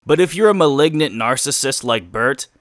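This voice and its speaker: A man's voice: mid-range voice, animated, normal speed, fairly bright tone, no room sound, clean studio sound. A man narrating a scripted commentary video in a critical, pointed manner.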